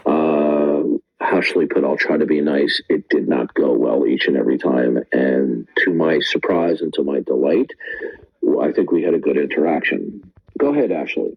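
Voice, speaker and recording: A man hosting a live online call-in debate, talking forcefully, often interrupting and tagging lines with "okay?". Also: very deep voice, lo-fi sound. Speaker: debate room host.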